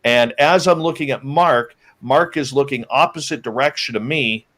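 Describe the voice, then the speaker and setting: A man's voice: mid-range voice, moderate pace. A man, a guest on a show, casually telling a story about a trip into the woods, acting out what his companions said. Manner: lively, acts out the quoted lines of his companions.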